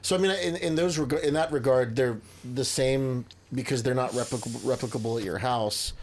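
Co-host, man, mid-pitched voice, dry and joking. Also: fairly quick, slight background noise. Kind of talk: casual podcast chat.

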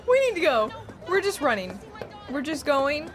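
A young woman streaming a game, excitable, laughing often and swearing freely as she chats with viewers. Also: high voice. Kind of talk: live gameplay chat. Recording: clear music behind her.

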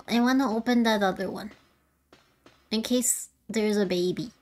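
A woman's voice: mid-range voice, normal speed, darkish tone. A woman streaming a video game, chatting in a giggly way and thinking aloud as she plays. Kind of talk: casual let's-play commentary.

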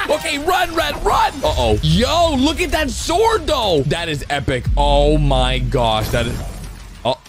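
A man giving excited reaction commentary over animations, exclaiming and calling out to viewers. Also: high-pitched, unhurried, vocal fry. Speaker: YouTube commentator. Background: background music.

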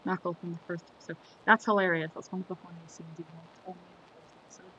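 Talking fast in a fairly high, level, slightly bright voice, a man goes through a quotes compilation for his video. He rambles casually, loses his thread, and corrects himself. Faint background noise sits under slightly dull lo-fi audio.

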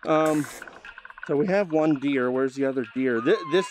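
High-voiced man ranting over gameplay. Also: normal speed, a little hiss or hum, rough recording. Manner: exasperated ranting at the game, mild swearing. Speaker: gameplay host. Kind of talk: VR gameplay commentary. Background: game music.

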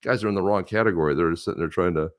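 Guy with a really deep voice chatting casually, rambling, keeps restarting his sentences. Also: racing. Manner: rambling storyteller, many restarts; jumps between voices for quoted people. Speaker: co-host. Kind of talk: casual chat.

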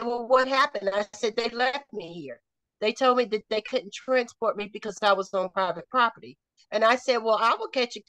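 A woman's voice: on the high side, dry recording. Southern woman telling her story. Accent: North Carolina Southern. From North Carolina. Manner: animated retelling, acting out quoted dialogue. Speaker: interview guest. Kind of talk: personal story told in conversation.

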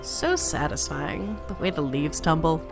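A woman's voice: sits low, unhurried, creaky. A woman playing a video game, reading its dialogue aloud with playful commentary. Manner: playful, reads characters in varied voices. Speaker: let's play gamer. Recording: faint game music behind.

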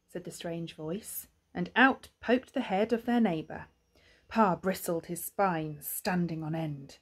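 A woman's voice: on the low side, lively intonation, unhurried, husky. A woman with an English accent, a primary school teacher, reading a children's book aloud expressively with chatty asides.

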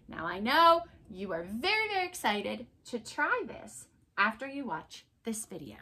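A young woman teaching letters to small children in an encouraging, sing-song way, slowing down and exaggerating her words. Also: sits high, big pitch swings, pushed and bright. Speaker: preschool teacher.

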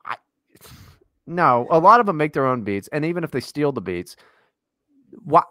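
A man's voice: fairly high pitch, moderate pace, dry recording, studio quality. A man co-hosting a podcast in casual chat, ranting and swearing with lots of energy. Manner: profane, ranting, animated. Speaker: podcast co-host.

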